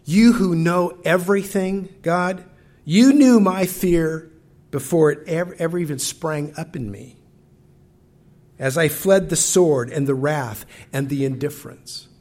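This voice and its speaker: A preacher voicing a desperate, exhausted old prophet who feels abandoned and pleads in anguished outbursts. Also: male voice, high voice, sing-song, slow, a bit bright, pitched above the performer's own voice, exaggerated voice. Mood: anguished pleading.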